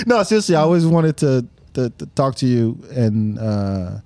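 A man's voice: mid-range voice, darkish tone. A man from France, hosting a casual live podcast, playful and teasing, swearing freely. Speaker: podcast host.

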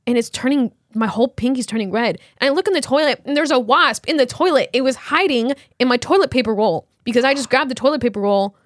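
A young woman in her twenties co-hosts a podcast in relaxed, casual chat. Her voice sits fairly high, and she tells stories with animated energy and frequent laughter. The recording is close and dry, with no room sound. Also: fast talker, few pauses, no room sound. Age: 20s. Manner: animated storytelling, laughs often. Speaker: podcast co-host.

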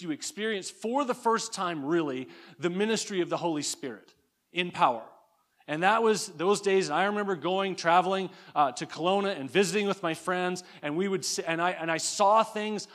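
Fervent man preaching, high voice. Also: fairly bright tone. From Alberta, Canada. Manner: earnest, fervent, frequent restarts and repeated words. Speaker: guest preacher. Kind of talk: sermon.

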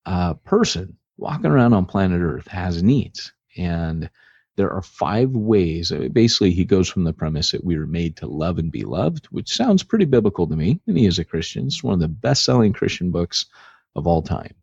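Low husky guy rambling on a podcast, folksy, lots of ums, muffled lo-fi sound. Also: sing-song, moderate pace, darkish tone, dry recording. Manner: rambling, folksy, frequent filler words. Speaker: podcast co-host. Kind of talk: casual podcast chat. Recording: dull lo-fi podcast audio.

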